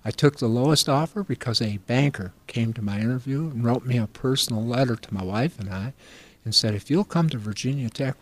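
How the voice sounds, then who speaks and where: An older man from upstate New York answering interview questions about farm finance in an earnest, folksy, storytelling way. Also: mid-range voice. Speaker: agricultural finance professor.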